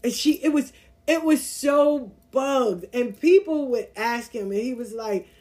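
Animated woman telling a personal story. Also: fairly high pitch, measured pace. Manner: animated, acts out voices in her anecdotes. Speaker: podcast host. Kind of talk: casual storytelling monologue.

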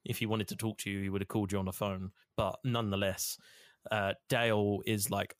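Lowish guy rambling thru a game story, cusses a lot, dry close mic. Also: little pitch movement, a little fast, no echo. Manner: rambling storyteller, swears freely, acts out the characters. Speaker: podcast co-host recapping a game. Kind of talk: casual chat.

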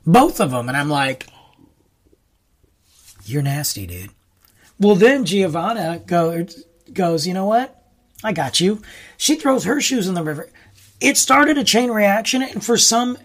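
A man hosting his own show, telling a rambling personal story in a casual, animated way that jumps high for excited reactions. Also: husky. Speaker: podcast host.

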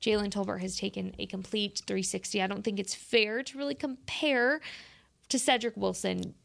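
A woman's voice: mid-range voice, fairly even intonation, moderate pace, gravelly, fairly bright tone. A woman hosting a podcast in casual chat, reading sponsor spots loosely with restarts. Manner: loose, chatty, stumbles and restarts while reading. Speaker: podcast host.

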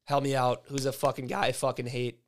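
Casual man, flat even voice. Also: medium pitch, fairly quick. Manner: loose, swears freely, leans on "like". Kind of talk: casual sports chat.

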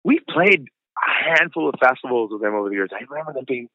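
A man's voice: mid-range voice, lively intonation, fast, dry recording. A man in his forties, a punk singer as guest, telling stories in a laid-back way, saying dude and like a lot. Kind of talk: casual storytelling chat. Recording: tinny phone-like line, dry.

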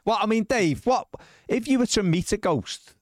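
A man's voice: high-pitched, expressive, moderate pace, no room sound, clean studio sound. A man hosting a podcast, reading out news stories with wry, disbelieving asides. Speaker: podcast host.

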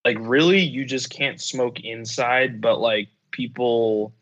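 A man's voice: mid-range voice, steady tone, takes it slowly, a bit bright. Rambling, profane man, lo-fi. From United States. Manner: rambling, profane, many fillers and restarts. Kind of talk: casual storytelling chat.

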